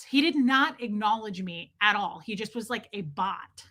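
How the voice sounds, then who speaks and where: A woman vlogger telling a story in a casual, animated way, acting out the quoted voices and swearing when she gets worked up. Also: mid-range voice, moderate pace.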